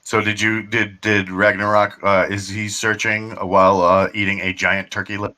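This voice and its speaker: Man, tabletop player, low pitch, bright tone, hesitant, filler-heavy, joking. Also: level tone, normal speed. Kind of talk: casual tabletop game talk.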